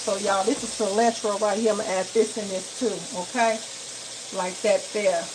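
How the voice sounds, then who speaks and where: A woman talking her viewers through a live cooking vlog, chatty and familiar, calling them y'all and baby. Her voice sits at a middle pitch. It was recorded in a home kitchen on a phone, with frying food sizzling loudly in the background. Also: fairly even intonation, normal speed, background noise. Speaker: home cook and vlogger. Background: frying and sizzling in the pan.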